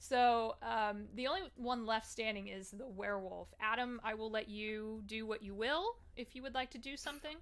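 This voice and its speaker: Lady game master running the table, kinda high voice, laughs a lot, chatty. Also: moderate pace, few pauses. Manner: laughs often, upbeat and chatty.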